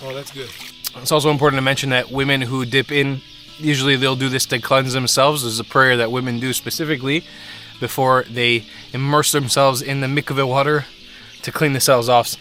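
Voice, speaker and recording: A man's voice: mid-range voice, little pitch movement, fairly quick, bright, forceful tone. Chatty young man vlogging outdoors over music. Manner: chatty and candid, swears casually. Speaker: travel vlogger. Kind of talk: casual travel vlog talk. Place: outdoors in countryside by a spring. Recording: music playing underneath the voice.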